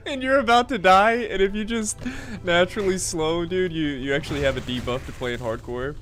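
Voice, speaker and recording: A man streaming a game, chatting casually to viewers, relaxed and laughing often, calling people "dude" and "man". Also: a little high, brisk, hardly any pauses, a little hiss or hum. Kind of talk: casual live-stream chat. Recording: game music underneath. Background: game music.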